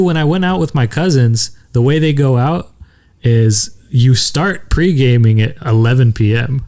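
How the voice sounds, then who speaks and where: A warm-toned young man, co-hosting a podcast, tells a travel story in relaxed, casual chat. His pitch is ordinary and mid-level, and he mimics other people's voices as he quotes them.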